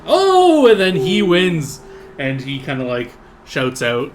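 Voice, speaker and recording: A man's voice: on the high side, huge pitch swings, slow pace, slight background noise. A man narrating as game master in a casual, rambling way with lots of fillers.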